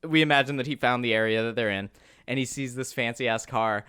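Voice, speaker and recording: A man's voice: medium pitch, brisk, clear, resonant tone, no echo, clean studio sound. A young man co-hosting a podcast, casually recapping a movie and acting out the characters in goofy voices. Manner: animated, acts out characters in silly voices. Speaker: podcast co-host.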